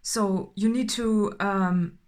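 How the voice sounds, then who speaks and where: A woman doing an unscripted intuitive tarot reading, halting and filler-heavy, often checking in with "right?" and growing more emphatic as she goes. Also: medium pitch, steady tone, darkish tone. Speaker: tarot reader.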